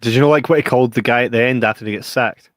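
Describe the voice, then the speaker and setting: A man's voice: mid-range voice, steady tone, racing. A Scottish man co-hosting a casual podcast. He talks to viewers in a chatty, sweary way and explains plans for the next show. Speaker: podcast co-host.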